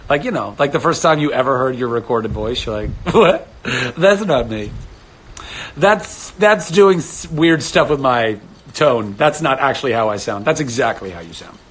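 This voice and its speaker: Animated man chatting live to viewers. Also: normal speed, breathy edge, low-quality recording. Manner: animated, laughs often, jumps to sudden high exclamations. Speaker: live stream host. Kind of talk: casual live stream chat with viewers. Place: home studio indoors.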